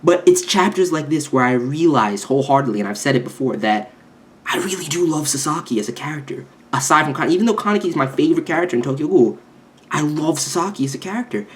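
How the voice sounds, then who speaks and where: A man giving a casual, excited manga review, gushing and swearing with lots of restarts. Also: a little high, fast.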